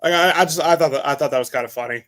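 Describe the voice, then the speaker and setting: A man's voice: fairly high pitch, racing, fairly bright tone. Tired, rambling young man reviewing a film. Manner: rambling, restarting sentences. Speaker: movie reviewer on a panel. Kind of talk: casual chat.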